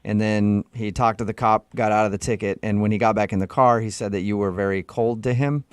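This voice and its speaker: A man's voice: lowish voice, steady tone, brisk, clean tone, dry recording. A man hosting a radio show, asking a caller probing, teasing questions. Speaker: radio host.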